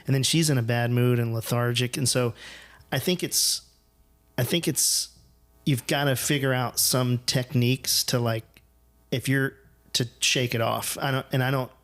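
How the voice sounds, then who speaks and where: A man's voice: medium pitch, fairly even intonation, normal speed, fairly bright tone. A man from the United States hosting a podcast, telling rambling, profane, self-deprecating stories in casual conversation. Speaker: podcast host.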